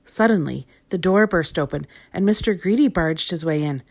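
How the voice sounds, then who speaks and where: A woman's voice: fairly low pitch, normal speed. Woman reading a storybook aloud. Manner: expressive, clear.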